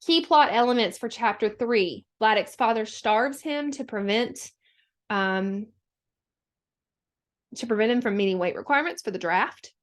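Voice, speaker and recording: A woman's voice: a little high, a little slow. Woman teacher walking students through a lesson. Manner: instructional, steady, with frequent fillers. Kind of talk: recorded classroom lesson.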